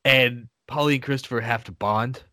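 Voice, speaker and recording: A man's voice: mid-range voice, normal speed, sharp tone, no echo. Casual swearing man with dry sound. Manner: rambling, swears, restarts with laughs. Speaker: podcast co-host. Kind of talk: casual chat, recapping a TV show.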